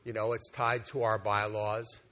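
A man with a somewhat low voice gives a conference presentation at a meeting. He explains things in a conversational, unscripted way, often pausing with "um" and restarting phrases. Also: little pitch movement, pushed and bright. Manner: conversational, with frequent fillers and restarts. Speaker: organization executive presenting a plan.

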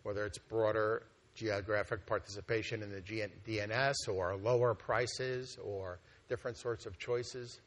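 Male executive at a conference, slightly low pitch, relaxed talk full of fillers and restarts. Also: moderate pace, few pauses. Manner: conversational, with frequent fillers and restarts. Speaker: organization executive presenting a plan. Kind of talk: conference presentation. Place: meeting hall at a conference.

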